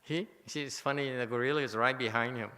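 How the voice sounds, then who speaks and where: A man's voice: mid-range voice, fairly even intonation, fast talker, sharp tone. A man who is a Buddhist monk giving a Dharma lecture, emotional and joking, with many restarts. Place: temple lecture hall. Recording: long hall reverb.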